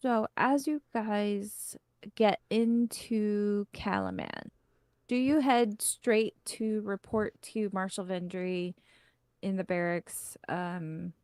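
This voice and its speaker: A woman narrating as game master of a tabletop game, chatty and quick to laugh. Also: mid-range voice, lively intonation, a little mellow, clean tone, dry recording, clean studio sound.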